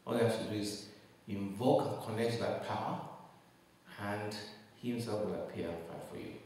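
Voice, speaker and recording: A pastor preaching in a low voice, building his points with emphatic rhetorical questions. He is heard from some distance off the mic, and his voice rings around a large, echoing church hall with a long reverb tail. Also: normal speed, darkish tone. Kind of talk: sermon.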